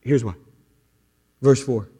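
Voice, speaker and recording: A pastor preaching an impassioned sermon, dropping to hushed tones and then building to shouts. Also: male voice, medium pitch, slow, breathy edge, long reverb tail.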